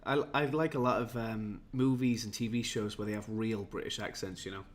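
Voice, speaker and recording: A man's voice: fairly low pitch, steady tone, fairly quick. Tired, rambling man streaming. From Wales. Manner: rambling, self-mocking, chatty with viewers. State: tired and jetlagged. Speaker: livestream host. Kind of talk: casual livestream chat.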